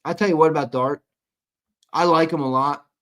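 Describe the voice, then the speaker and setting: A man's voice: on the high side, fairly even intonation, normal speed. A tired young man hosting a live postgame sports stream, reading chat comments and ribbing viewers in a blunt, casual way. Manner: blunt, ribbing chatters, swings from mumbling to loud outbursts. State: tired, yawning.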